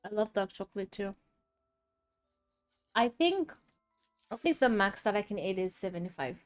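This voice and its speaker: A woman's voice: mid-range voice, sing-song, moderate pace, faint music behind. A woman streaming live while she draws, chatting casually with her chat between bites and laughing often. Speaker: art streamer.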